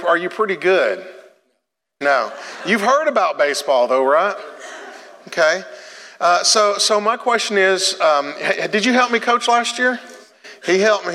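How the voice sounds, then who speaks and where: A man's voice: high voice, bright, forceful tone, big-room sound. A man preaching a sermon to his congregation, joking and coaching people through a demonstration in a church sanctuary. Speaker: pastor.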